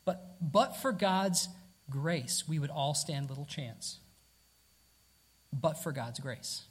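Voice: medium pitch, animated, takes it slowly, slightly rough. A preacher delivering a sermon emphatically, asking rhetorical questions and repeating key words.

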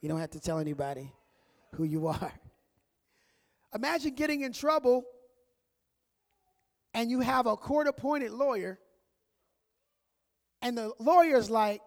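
A man preaching a sermon as a pastor, telling stories in a relaxed, conversational way and acting out voices. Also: very high-pitched, a little slow, pauses often, big-room sound. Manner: conversational storytelling, acts out voices.

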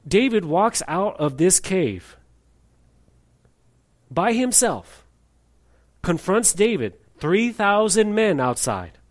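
A man preaching a sermon, animated, acting out voices in his story and reading scripture aloud. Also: high-pitched, takes it slowly, long pauses. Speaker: pastor.

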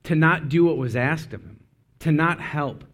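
A man preaching a casual, conversational sermon, full of asides and quick self-corrections. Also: a little high, a bit bright. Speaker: speaker.

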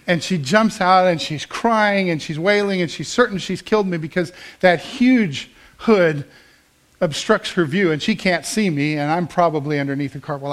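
Sharing a personal story during his sermon, a preacher in his fifties talks in an earnest, conversational manner and frequently starts over. His voice sits on the high side.

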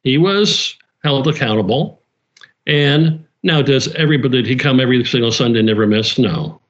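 Earnest church leader, lo-fi sound. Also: male voice, medium pitch, animated, normal speed. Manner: earnest, many restarts and repeated phrases. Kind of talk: casual conversation.

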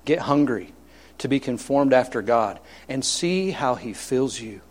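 A man's voice: medium pitch, expressive, a little slow. A man preaching a sermon as pastor, emphatic and repetitive, telling homely stories with humor.

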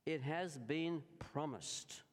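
An Australian man preaching a sermon, slow and deliberate, stressing key words and turning often to address the congregation. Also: a little high. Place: church. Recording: reverberant church hall.

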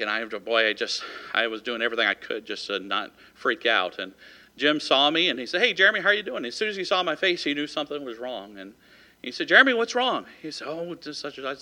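A man pastor tells a story from the pulpit, folksy and loose, with lots of fillers. His voice is very bright and forward, sitting at an ordinary middle pitch for a man. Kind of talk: sermon with personal story.

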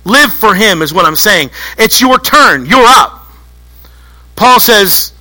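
A man preaching a sermon to a church congregation, telling stories in an animated way and acting out little voices. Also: high voice, slow pace, poor audio. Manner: animated storytelling, acts out voices. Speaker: pastor.

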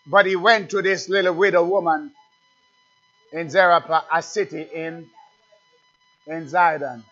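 A man's voice: on the high side, fairly even intonation, measured pace. A man preaching a sermon, calling out questions and answering them in rising refrains. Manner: call-and-response, building to loud refrains. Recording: dull lo-fi recording with faint music.

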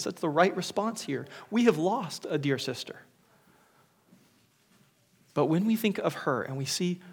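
A man preaching at a funeral, his voice sitting a little higher than most men's. He speaks earnestly, often stumbles and repeats words, and sometimes drops to a whisper on the phrases he wants to stress. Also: breathy edge. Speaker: pastor. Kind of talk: funeral sermon.

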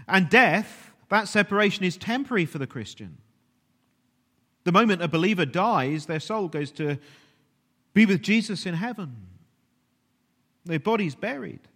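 A man preaching a sermon earnestly, at times dropping to a hushed, almost whispered voice. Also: sits high. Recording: long reverb of a large hall.

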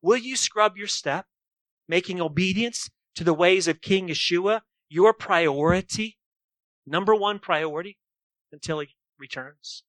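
A man's voice: high voice, measured pace, a bit bright, no echo. A man preaching a sermon emphatically, often posing rhetorical questions to his listeners.

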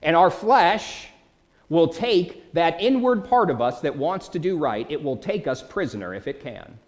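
Animated preacher man, lively pitch. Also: measured pace. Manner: animated preaching with dramatic quoted outbursts. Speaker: pastor. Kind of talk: sermon.

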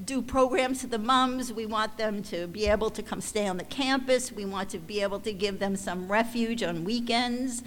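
A woman leading a ministry, giving a heartfelt church testimony to supporters in a halting, emotional way, often restarting her sentences. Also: medium pitch, fairly bright tone. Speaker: ministry leader addressing supporters. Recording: long hall reverb, faint background noise.

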